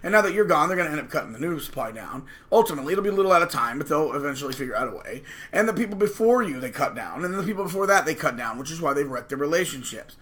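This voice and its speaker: Man, channel host, slightly high voice, bright forceful tone, combative, preachy monologue. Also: lively intonation, rapid-fire. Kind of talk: casual monologue to camera.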